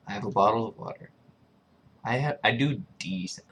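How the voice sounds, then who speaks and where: A man's voice: lowish voice, moderate pace, long pauses, a bit bright, slight background noise. A man thinking aloud casually, musing and repeating words over and over to test how he pronounces them. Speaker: video creator.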